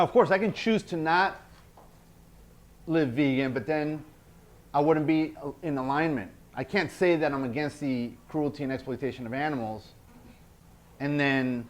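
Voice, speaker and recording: A man presenting a workshop indoors, earnest, repeating key phrases and checking in with the group. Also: mid-range voice. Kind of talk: teaching a workshop. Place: indoor event space.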